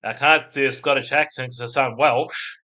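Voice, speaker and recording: A man's voice: medium pitch, fairly even intonation, normal speed, bright, forceful tone. A man with an Australian accent, hosting a casual livestream and chatting with his viewers in a rambling way. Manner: rambling, chatty, laughs at chat. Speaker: livestream host.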